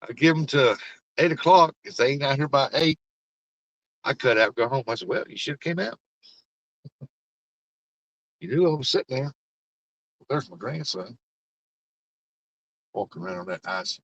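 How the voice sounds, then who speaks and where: With frequent pauses at a normal speed, an older man speaks in an expressive, medium-pitched, slightly bright voice over a dry, dull recording. He's livestreaming from his car on icy roads, folksy and rambling, teasing passengers and chatting with his audience.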